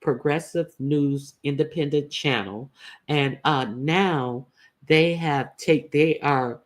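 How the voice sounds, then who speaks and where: A man hosting casual opinion commentary, blunt and profane, halting often with "uh" fillers as he talks. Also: fairly high pitch. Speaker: YouTube commentator host.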